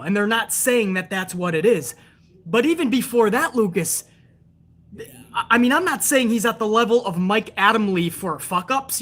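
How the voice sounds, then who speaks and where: A woman's voice: medium pitch, a bit bright. A woman hosting a show, ranting hard with profanity about wrestling and answering viewers in a live chat. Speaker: show host.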